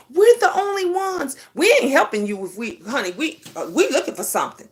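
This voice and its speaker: A middle-aged woman talks straight to her viewers, calling them honey. Her voice sits a little high. She tells her story emphatically, with lots of animation. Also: big pitch swings, brisk, hardly any pauses, a bit bright. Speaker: vlogger. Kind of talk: casual storytelling monologue.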